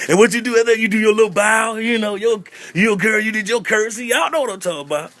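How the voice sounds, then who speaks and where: A man's voice: high-pitched, quick pace, hardly any pauses, fairly bright tone. A man doing stand-up storytelling about growing up in church, playful and acting out little voices, often repeating a catchphrase. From North Carolina. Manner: playful, repeats "I'm just saying", acts out voices. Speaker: comedian.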